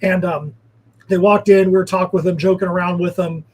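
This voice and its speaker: A man's voice: high-pitched, level tone, brisk, darkish tone, breathy edge, low-quality recording. A man, a guest comic creator, telling rambling anecdotes in casual chat. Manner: rambling storyteller, filler-heavy.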